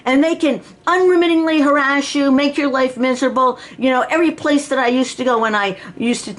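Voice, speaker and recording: A woman's voice: sits high, fairly quick. An older woman from New York talking to camera, indignant and emphatic, firing off rhetorical questions. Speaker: video blogger. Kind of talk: personal video rant.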